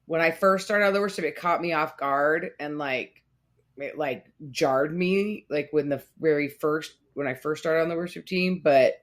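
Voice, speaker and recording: A woman's voice: low voice, moderate pace. A woman co-hosting a casual podcast conversation, telling stories and acting out quoted lines. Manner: animated storytelling, acts out quotes in raised voice. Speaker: podcast co-host.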